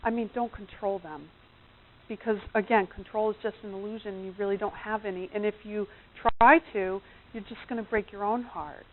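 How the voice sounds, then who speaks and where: A woman's voice: mid-range voice, steady tone, moderate pace, a little hiss or hum. A middle-aged woman coach giving a chatty seminar talk on relationships, often acting out the voices of people she quotes. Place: seminar room. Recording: tinny phone-like recording.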